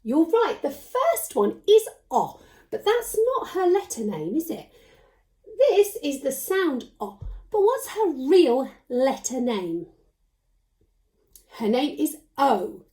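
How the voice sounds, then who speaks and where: A woman's voice: high voice, sing-song, dark tone. Sing-song woman teaching phonics. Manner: encouraging, sing-song, slowly sounding out letters. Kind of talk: children's phonics lesson. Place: home.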